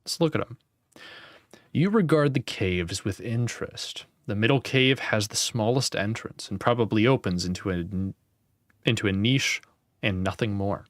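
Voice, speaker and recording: A man's voice: fairly low pitch, moderate pace, no room sound, clean studio sound. A young man reading a gamebook aloud and playing along, with casual, wry remarks and the odd swear. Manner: casual, wry, swears and laughs at his own slips. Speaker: gamebook player and channel host.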